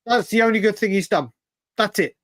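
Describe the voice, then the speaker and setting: A high-pitched man chats on a livestream, excitable and quick to laugh. His voice sits close and dry on the mic, with no room sound around it. He keeps repeating himself as he gets carried away. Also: dry recording. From United Kingdom. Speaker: livestream host. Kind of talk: casual chat.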